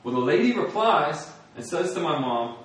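A man's voice: on the high side, sing-song, normal speed, a bit bright. A young man giving an earnest testimony sermon, telling his story and acting out his prayers with laughs. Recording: echoey hall from far off.

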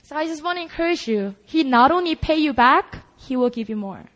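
Young woman pastor, high voice, animated testimony in a sermon. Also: fairly quick. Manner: animated storytelling, mixing in Korean words. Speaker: intern pastor.

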